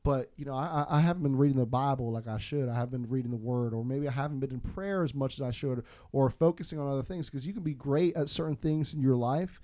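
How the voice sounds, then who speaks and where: A man from Florida, a podcast guest, telling a story in a casual, animated, self-deprecating way with frequent restarts. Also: mid-range voice, fast, few pauses, no echo, studio quality.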